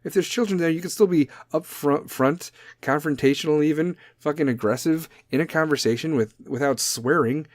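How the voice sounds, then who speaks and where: A man's voice: fairly high pitch, moderate pace, hardly any pauses, dry recording, clean studio sound. A man hosting his podcast, delivering a blunt, profane opinion monologue. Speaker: podcast host.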